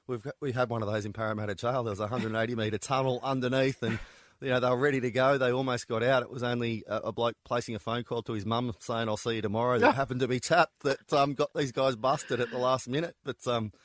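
A man's voice: mid-range voice, steady tone, fast, dry recording, studio quality. A man, an author telling prison stories in a conversational interview, with frequent ums and restarts. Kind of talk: interview guest recounting stories.

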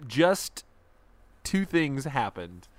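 A man co-hosting a podcast, chatting casually with quick jokes and interjections. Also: medium pitch, very animated, crowd noise. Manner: joking, quick to chime in. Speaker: podcast co-host. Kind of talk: casual chat.

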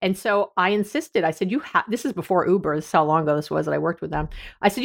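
A woman's voice: on the low side, lively intonation, quick pace, creaky. A middle-aged woman, a therapist hosting an advice podcast, talking candidly in a conversational, self-deprecating way.

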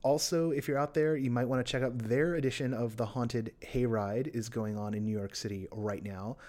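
A male podcast host chatting casually through a list of upcoming shows. His pitch sits in an ordinary middle range. He breaks into playful, self-mocking asides and grows animated when something excites him. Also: moderate pace. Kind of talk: casual chat.

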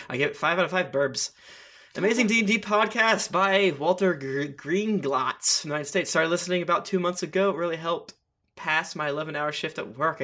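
Bright, high-ish male podcast host. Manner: playful, reads reviews with jokey asides. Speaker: podcast host reading listener reviews. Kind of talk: casual podcast banter and reading aloud.

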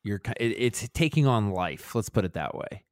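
A man's voice: on the low side, big pitch swings, moderate pace, no room sound, clean studio sound. A man co-hosting a podcast, talking in a rambling, self-reflective way with many restarts. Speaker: podcast co-host. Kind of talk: casual chat.

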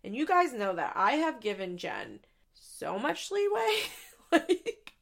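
A young adult woman hosting a podcast, recapping in a chatty, profane, casual way with quick asides into a studio mic. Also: fairly high pitch, wildly swooping pitch, gravelly, a bit bright. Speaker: podcast host.

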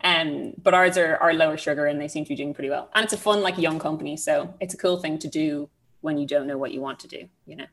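Low-pitched and fairly bright, a young Irish woman in her twenties talks fast as a casual podcast guest, self-deprecating and leaning heavily on fillers.

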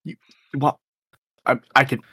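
A man's voice: a little slow, sharp tone, no echo, clean studio sound. A man playing a tabletop game, chatty and scheming, who slips into talking in character. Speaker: player.

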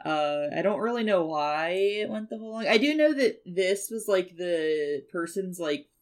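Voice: mid-range voice, animated, normal speed. A podcast co-host chatting casually about an anime, rambling and trailing off with fillers. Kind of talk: casual chat.

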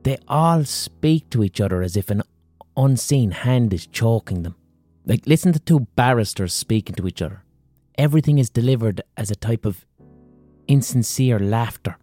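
A man's voice: mid-range voice, normal speed, warm tone, soft background music. An Irish man hosting a podcast, delivering a rambling, profane comic monologue. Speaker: podcast host.

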